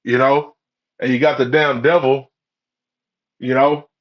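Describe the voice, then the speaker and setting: A man's voice: mid-range voice, steady tone, unhurried. A man in a rambling, profane, preachy monologue, full of "you know" and "man" fillers. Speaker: religious commentator. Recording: dull lo-fi audio.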